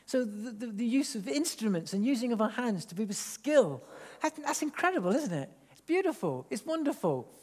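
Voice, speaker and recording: A man's voice: very high-pitched, normal speed. Man preaching in an echoey hall. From England. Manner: animated, rambling, with many restarts. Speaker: pastor. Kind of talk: sermon. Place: church hall.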